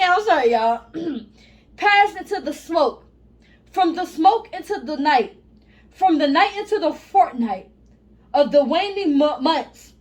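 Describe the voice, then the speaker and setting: A high-pitched woman reads spiritual text aloud and keeps interrupting herself with blunt, profane asides. Her delivery is animated and emphatic, and she often laughs and apologizes over her own stumbles. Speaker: vlogger reading scripture. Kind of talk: casual reading and commentary.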